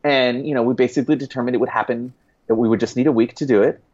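A man, a guest author, chatting casually in an interview, rambling with restarts and quick laughs. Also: mid-range voice, fairly even intonation, a little mellow. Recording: dull lo-fi sound.

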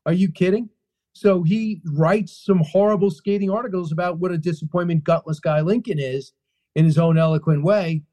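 A man being interviewed about his book, answering in an animated storytelling way, emphatic and full of restarts and repeated phrases. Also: on the high side, normal speed, muffled recording.

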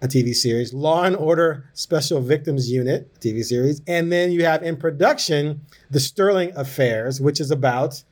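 A man's voice: on the high side, normal speed, few pauses. A man hosting a podcast interview, teasing the guest with dry humor. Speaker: podcast host.

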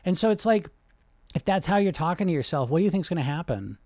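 A man coaching on weight loss and hypnosis in a casual, animated talk, often swearing and asking "right?". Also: fairly high pitch, fast, dry recording, clean studio sound. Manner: animated, swears freely, many fillers like "right?".

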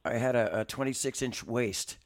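A man's voice: mid-range voice, moderate pace. A man in his sixties, a guest musician in a studio, telling stories in a rambling, self-mocking way with many restarts. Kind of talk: casual interview storytelling.

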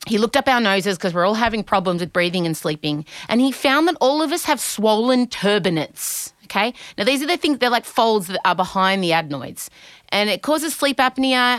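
An Australian woman in her forties hosting a podcast, talking fast and rambling through animated stories. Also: medium pitch, no room sound, studio quality. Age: 40s. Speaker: podcast host. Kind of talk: casual chat.

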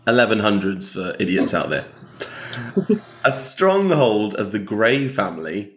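Podcast guy, slow and jokey, voice bouncing up and down, echoey room. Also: on the low side, very animated, fairly bright tone. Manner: jokey and teasing, laughs often. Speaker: podcast co-host. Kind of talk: casual podcast chat.

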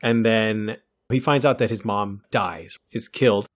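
A man's voice: fairly low pitch, measured pace. A man hosting a film podcast, summing up a plot in casual talk and checking in with his co-hosts. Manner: summarizing, checks in with "right?".

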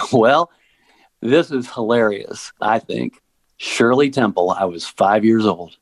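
A man with a fairly low voice, a podcast guest and elected official, tells lively anecdotes in a relaxed, conversational way. He laughs easily between his thoughts. The audio is dry and close-miked. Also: slow, no room sound, low-quality recording. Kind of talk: casual conversational storytelling.

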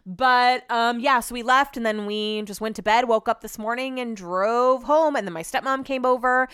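A woman's voice: a little high, normal speed, fairly bright tone, smooth, no echo, studio quality. A woman hosting a podcast at home, telling a story in a chatty way and acting out what other people said. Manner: chatty, acts out others' lines with "he was like". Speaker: podcast host. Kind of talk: casual solo storytelling. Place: room in her home.

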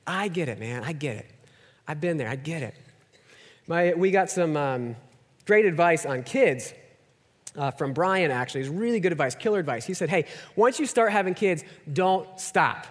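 A man's voice: on the high side, expressive, moderate pace. A man in his thirties preaching a conversational, self-deprecating sermon, often dropping to a near-whisper for emphasis. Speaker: pastor. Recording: long hall reverb.

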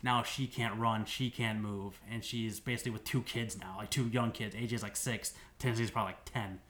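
A man's voice: on the low side, steady tone, a little fast, fairly bright tone. Rambling man recapping a game. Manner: rambling, restarts and many "like"s. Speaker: podcast co-host. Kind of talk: casual recap of a game story.

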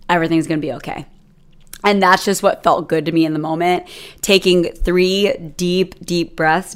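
A young adult woman hosting her own podcast, telling a personal story in a chatty, rambling way with many fillers. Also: fairly low pitch. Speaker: podcast host. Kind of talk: casual solo podcast monologue.

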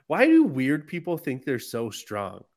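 A man's voice: medium pitch, huge pitch swings, unhurried, darkish tone. Chill guy on a podcast, mid voice, kinda rambly shower thoughts. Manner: laid-back, rambling musings. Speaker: podcast co-host. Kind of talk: casual chat.

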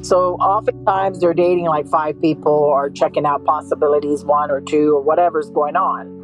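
Mother recounting family memories, slightly low voice, acts out dialogue with faint music under her. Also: steady tone, moderate pace, low-quality recording. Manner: retells conversations, acting out both voices. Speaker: victim's mother, interviewee. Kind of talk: emotional personal recollection.

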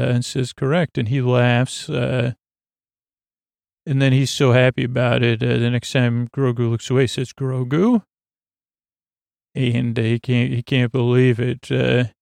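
A man with a gravelly, fry-tinged voice drifts through a sleep podcast recap. He talks in a flat, even line, full of fillers and restarts, and wanders off on tangents. He is close to a dry, dead-sounding mic. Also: no echo. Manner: rambling, full of fillers and self-corrections; low-key, drifting and digressive. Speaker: podcast host.

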